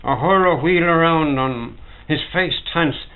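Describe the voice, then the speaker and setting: A man in his seventies with a Dublin accent reading his own prose in a measured, dramatic way, recorded at home. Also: fairly high pitch. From Ireland. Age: 70s. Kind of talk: literary reading. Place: private home. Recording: tinny 1950s home recording.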